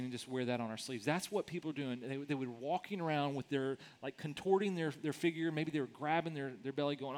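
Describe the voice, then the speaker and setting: A man's voice: a little high, a little fast, few pauses. A middle-aged man, a pastor, preaching a sermon in a conversational way, often repeating words as he starts sentences.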